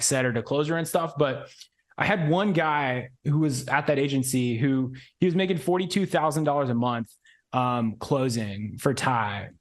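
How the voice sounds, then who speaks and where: A man in his twenties, a podcast guest telling a story in loose, slangy casual chat full of "like" and "bro". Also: mid-range voice. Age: 20s.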